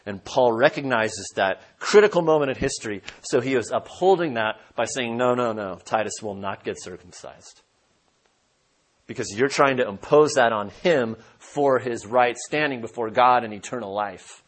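A man preaching an expository sermon, emphatic, asking his listeners rhetorical questions and swinging between loud and soft. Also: medium pitch, expressive, normal speed, few pauses.

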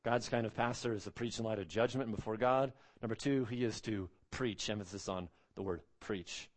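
A man's voice: on the low side, brisk. A man preaching an expository sermon as pastor, earnest and emphatic, repeating phrases and stretching out key words.

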